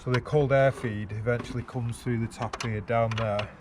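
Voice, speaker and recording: In very noisy conditions, a man of medium pitch talks at a moderate pace in a steady tone. He's a car vlogger fixing a car at the roadside, swearing casually to a handheld camera on a gimbal.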